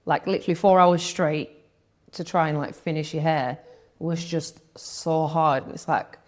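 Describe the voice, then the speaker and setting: A woman's voice: deep voice, fairly even intonation, normal speed. A young woman, talking candidly as an interview guest, chatty, with lots of "like" and quoted thoughts.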